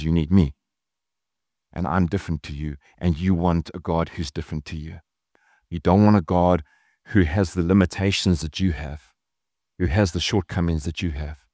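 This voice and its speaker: A man's voice: low-pitched, a little mellow, no echo, studio quality. A man, a pastor, giving an earnest, conversational sermon with casual asides.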